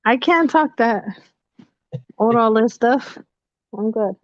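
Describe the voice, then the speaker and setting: A woman co-hosting a casual podcast, blunt and teasing, quick to laugh. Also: a little high, dry recording. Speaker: podcast co-host. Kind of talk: casual chat. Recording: dry, slightly dull lo-fi sound.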